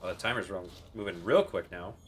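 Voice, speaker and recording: A man's voice: sits low, expressive, a little fast, a bit bright, a little hiss or hum. A young man streaming a video game, muttering to himself, swearing often and talking to the creatures on screen. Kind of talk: casual gameplay commentary.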